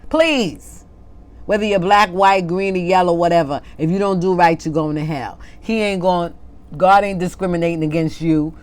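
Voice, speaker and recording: A woman preaching an informal, impassioned sermon, reading scripture slowly and then arguing with an imagined congregation. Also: lowish voice, steady tone, darkish tone. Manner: impassioned, talks back to an imagined congregation, laughs at herself; reads scripture slowly and deliberately.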